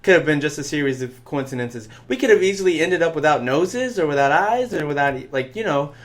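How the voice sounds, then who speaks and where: A young podcast co-host with a higher, expressive voice talks a little fast, meandering through an anecdote in casual chat. He laughs and swears often along the way.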